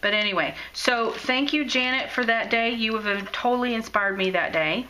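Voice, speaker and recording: A woman's voice: on the high side, moderate pace, background noise. A middle-aged woman chatting casually about her scrapbook journal, gushing and full of fillers and restarts, at home in her craft room. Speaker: scrapbooking vlogger. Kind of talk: casual show-and-tell chat.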